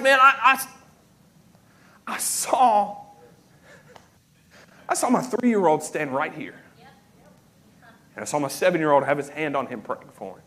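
Male associate pastor in his thirties, high-voiced, folksy and self-deprecating, rising to fervent preaching. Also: expressive, measured pace, long pauses, fairly bright tone. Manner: conversational, self-deprecating storytelling building to emphatic preaching. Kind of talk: sermon. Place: church sanctuary.

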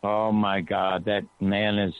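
A man on a talk radio show telling an animated story, his voice climbing high when he quotes himself. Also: takes it slowly, smooth, dry recording. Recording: tinny phone-line sound, dry.

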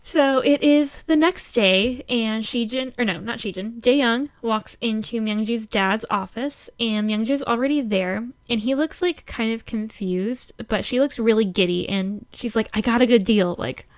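Woman chatting about a show, clear smooth voice, laughs a lot, acts out little quotes. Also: a little high. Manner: chatty, laughs often, quotes characters in quick asides. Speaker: podcast co-host recapping a drama. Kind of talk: casual chat.

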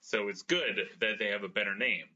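An American man co-hosting a casual podcast, his voice low but with a very bright, forceful edge. He jokes at his own expense and laughs a lot. The audio sounds dull and lo-fi. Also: brisk, breathy edge. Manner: self-deprecating, laughing often. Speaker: podcast co-host. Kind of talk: casual chat.

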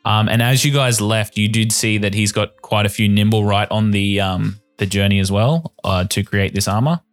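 A man's voice: on the low side, moderate pace, hardly any pauses, dry recording, faint music behind. A man narrating as game master of a tabletop game, descriptive with frequent ums and uhs.

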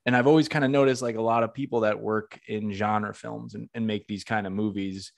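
A man's voice: lowish voice, fairly even intonation, fairly quick, vocal fry. A man from Massachusetts hosting an interview, talking casually and rambling with lots of fillers and side stories. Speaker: podcast host interviewing a filmmaker.

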